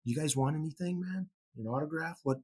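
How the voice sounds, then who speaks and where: A man's voice: a little high, brisk, a little mellow, breathy edge, pitched above the performer's own voice. A man impersonating an irritated young rock guitarist who swears and snaps at fans. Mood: awkward. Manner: swearing, brusque.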